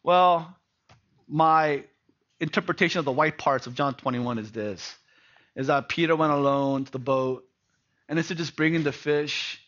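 High, bright-voiced man preaching a sermon. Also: moderate pace. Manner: rhetorical questions and tag "right?"; swings from hushed to loud emphasis. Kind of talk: sermon on a Bible passage. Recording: dull lo-fi recording.

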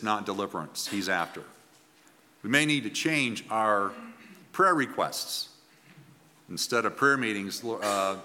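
A man's voice: on the low side, pushed and bright. Earnest male preacher in a reverberant hall. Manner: earnest, emphatic preaching with pauses and restarts. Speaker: pastor. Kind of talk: sermon.

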